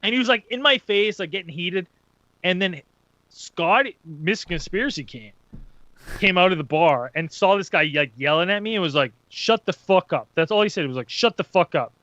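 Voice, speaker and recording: A man telling a story in a lively, profane way, laughing as he talks, on dull lo-fi audio. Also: high voice, moderate pace, dry recording. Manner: animated, profane, laughs while talking. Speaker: podcast co-host. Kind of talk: casual storytelling.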